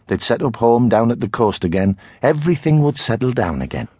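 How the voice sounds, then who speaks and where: A middle-aged man with a Tyneside accent narrating a children's novel in the first person, expressive storytelling. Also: mid-range voice, a little fast, breathy edge, dry recording, studio quality. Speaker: audiobook narrator.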